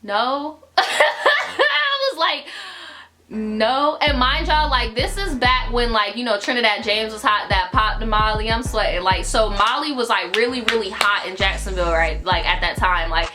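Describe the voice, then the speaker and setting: A young adult woman telling a story in an animated, profane, filler-heavy style. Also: mid-range voice, moderate pace, few pauses. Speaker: YouTuber. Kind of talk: casual storytime vlog. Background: music.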